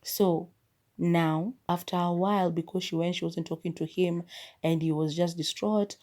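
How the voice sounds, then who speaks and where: Mellow-voiced woman retelling a film. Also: on the low side, moderate pace. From Kenya. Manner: expressive, chatty storytelling. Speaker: podcast host. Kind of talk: casual movie review.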